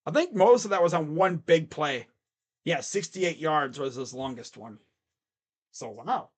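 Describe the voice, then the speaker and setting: A man's voice: a little high, animated, a little slow. A young man casually recapping football stats and picks, chatty with mocking asides. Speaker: sports picks host.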